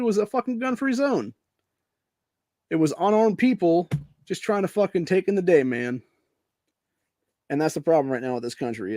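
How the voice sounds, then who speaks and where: American man, angry profane rant, fairly high voice, dry close sound. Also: warm tone, dry recording. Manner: profane, heated, repeats "dude" and "man". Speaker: podcast host.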